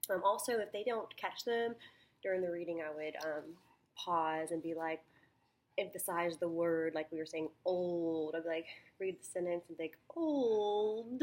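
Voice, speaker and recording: Young woman, student teacher, slightly low voice, unpolished, thinking out loud through a lesson plan. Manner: plain, thinking aloud with many ums and restarts.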